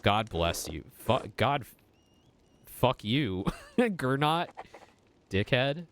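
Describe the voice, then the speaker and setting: A man's voice: fairly low pitch, expressive, slow pace, fairly bright tone, slight background noise. A man streaming a game, chatting casually and swearing freely. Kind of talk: casual gaming commentary.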